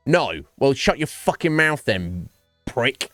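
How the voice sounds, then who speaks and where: A man's voice: mid-range voice, very animated, slow, a bit bright, no echo, faint music behind. A man streaming and chatting casually with his viewers, rambling and swearing freely. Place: home streaming setup.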